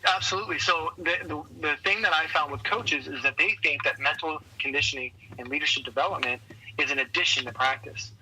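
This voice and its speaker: A man being interviewed on a podcast as a leadership coach, telling lively stories and acting out the voices of the people in them. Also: a little high, fairly quick, a little hiss or hum, low-quality recording. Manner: energetic storyteller who acts out quoted voices. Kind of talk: conversational interview.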